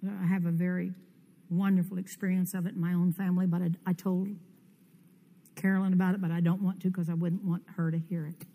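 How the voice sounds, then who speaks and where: An older woman preaching a conference sermon, fervent and commanding, with sudden loud rises in her declarations. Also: fairly low pitch, level tone, fairly quick. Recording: long hall reverb.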